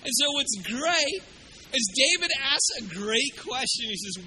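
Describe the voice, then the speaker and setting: High, bright-voiced joking male preacher. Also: measured pace, slight background noise, low-quality recording. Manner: animated, joking, acts out quotes with sudden loud bursts. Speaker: pastor. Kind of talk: sermon.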